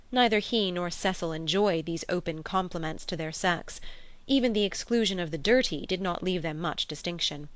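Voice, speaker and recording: A woman reads a classic novel aloud, her voice on the low side and measured. The sound is dry and close, with no room to it. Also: no echo. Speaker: audiobook narrator. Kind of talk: scripted narration of a classic novel.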